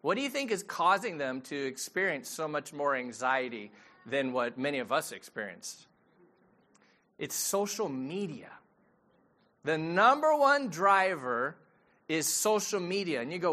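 A man's voice: on the high side, sing-song, measured pace, bright, forceful tone. A middle-aged man, a pastor giving a sermon in a conversational storytelling way and asking the audience questions.

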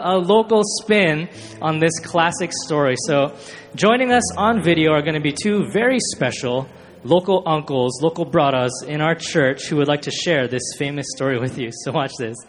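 A man's voice: fairly high pitch, normal speed, faint music behind. A man hosting at church, introducing a video segment in a friendly, upbeat way. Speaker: church host.

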